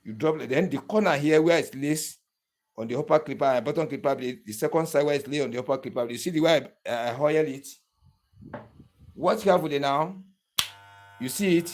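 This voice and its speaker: A man with a slightly raised pitch walks the viewer through a practical demonstration. He repeats each step several times. He keeps asking whether they can see it. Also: a little fast, a little mellow. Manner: repetitive step-by-step instructions, keeps checking the viewer follows. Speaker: barber tool instructor. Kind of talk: hands-on tutorial demonstration.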